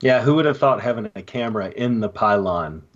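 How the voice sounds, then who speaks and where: Laid-back low-voiced man chatting football. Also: animated, a little fast, muffled recording. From Southern US. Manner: agreeable, laid-back comments. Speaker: podcast co-host. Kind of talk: casual sports chat.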